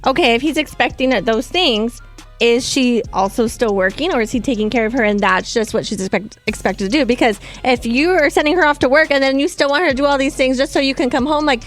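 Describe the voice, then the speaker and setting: A woman's voice: high-pitched, fast, soft background music. A woman co-hosting a casual radio talk show, arguing her side and asking for examples. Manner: defensive, asks for examples. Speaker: radio co-host.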